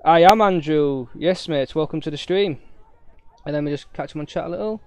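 Loud game gunfire sits behind this young Yorkshireman's voice, which is on the high side, fairly quick, clear, and resonant in a dry recording. Chatty and easygoing, he talks to his stream chat while playing, giving relaxed live commentary.

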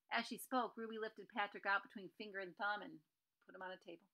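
A woman reads a children's novel aloud with a bright, clear tone. She pauses now and then to explain the story in a conversational aside. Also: medium pitch, steady tone, low-quality recording. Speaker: reader.

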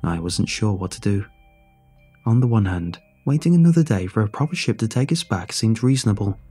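Low, husky male horror narrator. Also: animated, brisk, dark tone, soft background music. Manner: tense first-person storytelling. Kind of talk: scripted horror story narration.

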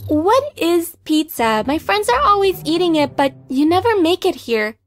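A woman's voice: extremely high pitch, sing-song, normal speed, faint music behind. A woman voicing a sweet, curious young girl who pleads eagerly. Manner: pleading, wide-eyed. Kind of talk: animated story voice acting.

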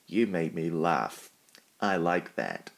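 A man voicing a proud, boastful big express engine in a storybook reading, with a deep, unhurried voice. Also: very animated, vocal fry, exaggerated voice. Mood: kindly. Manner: boastful, booming.

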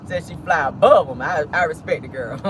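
A man's voice: fairly high pitch, fairly quick. A man hosting a casual celebrity gossip vlog in a sassy, dramatic way, calling his listeners honey and baby. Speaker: host. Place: inside a car. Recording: car noise behind the voice.

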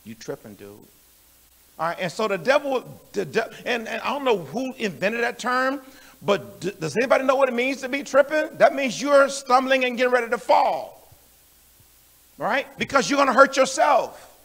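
High-voiced man preaching with fervor. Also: expressive, moderate pace. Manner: emphatic, rising to shouts and calling on the congregation; conversational, with frequent restarts and laughs. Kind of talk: sermon.

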